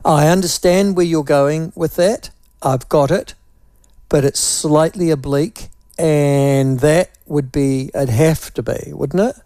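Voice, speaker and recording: Wry New Zealand talk radio host. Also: male voice, on the high side, takes it slowly, dark tone, dry recording, studio quality. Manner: wry, mocking, repeats phrases to tease them apart. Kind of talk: talkback radio chat.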